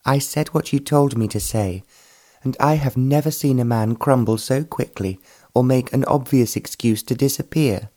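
A man's voice: mid-range voice, moderate pace, warm tone, natural voice. A man voicing a spirited, scornful young woman in an audiobook reading.

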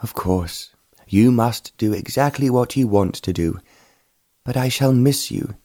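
A man voicing a gentle, patient wealthy father in an audiobook reading. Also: a little slow, no echo, clean studio sound, natural voice. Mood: soothing. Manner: gentle, low and soothing.

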